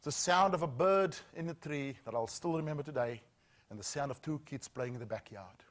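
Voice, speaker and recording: Earnest middle-aged man. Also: on the high side. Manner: earnest, dramatic pauses, dropping to a hush at key lines. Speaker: safety trainer. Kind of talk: storytelling training talk.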